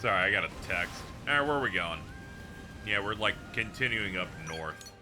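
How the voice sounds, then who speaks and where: A man's voice: lowish voice, expressive, normal speed, over music. A man streaming a video game live, chatting casually as he reads viewers' posts aloud, laughing often and swearing freely.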